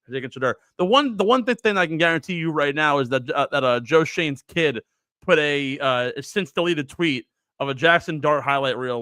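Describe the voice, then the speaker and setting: A man in his twenties telling rambling stories in a casual chat, with animated bursts. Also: a little high, smooth, no room sound, studio quality. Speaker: panelist.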